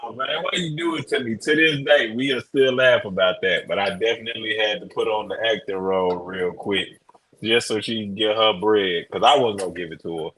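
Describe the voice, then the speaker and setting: A man's voice: lowish voice, brisk, rough recording. A man joking through casual podcast banter over a remote call. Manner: joking, lively delivery. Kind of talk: casual chat. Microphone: remote call mic.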